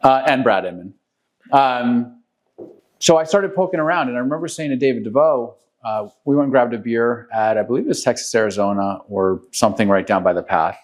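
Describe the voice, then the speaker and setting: A man's voice: mid-range voice, brisk. A man from New York City, co-hosting a podcast, telling a long rambling story full of ums and self-corrections. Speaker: podcast co-host, real estate agent. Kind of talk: casual storytelling chat.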